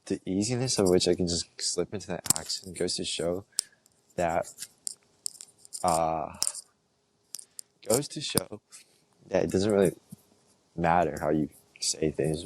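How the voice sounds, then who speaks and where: Young man, deep low voice, laid-back and slangy, rambling podcast monologue. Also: measured pace, pauses often, background noise. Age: young adult. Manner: slangy and laid-back, heavy on filler words. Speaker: podcast host.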